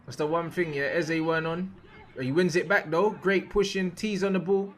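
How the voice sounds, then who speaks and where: This young man's voice runs on the high side as he riffs casually on football footage in slang, repeating lines and bursting out loudly at key plays. His intonation stays fairly even and his speed normal.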